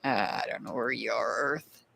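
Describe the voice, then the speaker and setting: A woman's voice: rumbling low, unhurried, creaky, background noise. A woman hosting a tarot live stream, chatting casually and calling out viewers by name as she thanks them.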